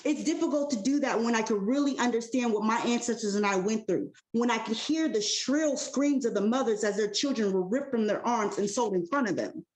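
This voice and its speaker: A woman's voice: fairly high pitch, brisk, hardly any pauses, a little mellow, roomy sound. A woman performing spoken word poetry at an open mic, impassioned and rhythmic, leaning hard on alliteration.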